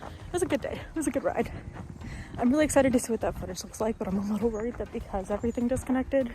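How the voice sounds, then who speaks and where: A tired, chatty woman talks to the camera outdoors after a ride, in a slightly high voice. She is picked up from some distance, with an echoey sound. Music plays over the top. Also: fast. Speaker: horse vlogger. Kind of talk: casual on-location talk. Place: outdoor barn area.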